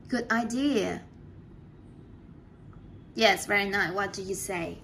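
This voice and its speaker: A woman teaching an English lesson, going through answers one by one and praising each student. She talks at an unhurried, deliberate pace. A faint hum of room ambience sits behind her voice. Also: medium pitch, fairly bright tone. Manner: encouraging, praises answers often; slow, patient. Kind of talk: classroom teaching.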